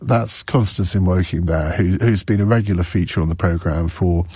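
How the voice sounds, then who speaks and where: Husky male radio host. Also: low-pitched, normal speed, warm tone, dry recording. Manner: chatty, stumbling restarts, emotional. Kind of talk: radio phone-in hosting.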